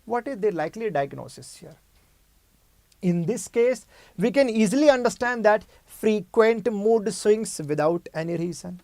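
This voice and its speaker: A man's voice: high-pitched, animated, measured pace, a little mellow, dry recording. Male med lecturer walking through a case, keeps repeating terms, asks the class questions, dry close sound. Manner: explains by repeating key terms and asking rhetorical questions. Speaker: medical exam lecturer. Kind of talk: clinical lecture.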